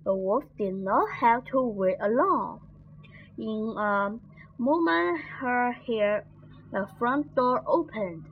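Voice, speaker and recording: A woman reading a children's story aloud in a simple, deliberate manner. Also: fairly high pitch, lively intonation, husky. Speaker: story reader. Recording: dull lo-fi recording.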